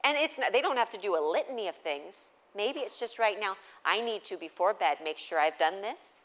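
A woman's voice: mid-range voice, animated, normal speed, fairly bright tone. A woman in her thirties speaking to a live audience about parenting, chatty and conversational, acting out exchanges with her children. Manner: conversational, acts out dialogue with her kids.

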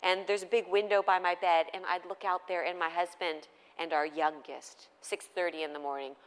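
A woman's voice: on the low side, moderate pace, clean tone. Storytelling mother in a big hall. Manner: lively, conversational, asks the audience questions. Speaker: speaker at a faith gathering. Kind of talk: humorous storytelling sermon.

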